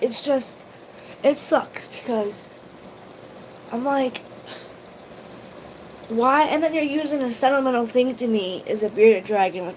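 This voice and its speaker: A woman's voice: a little high, darkish tone, rough recording. Woman, livestream vlogger, rambling, emotional, faint background hiss. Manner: emotional, rambling, greets viewers by name. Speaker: YouTube vlogger. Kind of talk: casual livestream chat.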